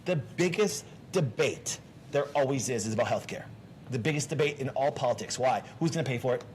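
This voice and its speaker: Fast-talking emphatic man, rambling. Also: medium pitch, lively intonation, a little mellow, slight background noise. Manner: emphatic, rambling, with many restarts and rhetorical questions. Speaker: doctor and show host. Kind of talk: casual health talk.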